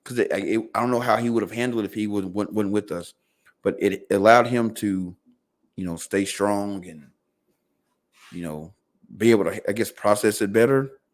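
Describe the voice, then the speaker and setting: A man tells a personal story in a relaxed podcast chat. He leans on "you know," repeats words as he goes, and voices the people in his story. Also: lowish voice, moderate pace. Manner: fillers and repeated words, quoting others in dialogue. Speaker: podcast guest. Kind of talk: casual storytelling.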